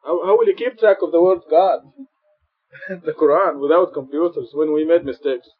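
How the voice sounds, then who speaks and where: In a dull lo-fi recording, a man preaches a sermon in a mosque as part of teaching Quran study. His voice is husky and a little high, moving at a moderate pace, and he explains earnestly, going back over his points for emphasis.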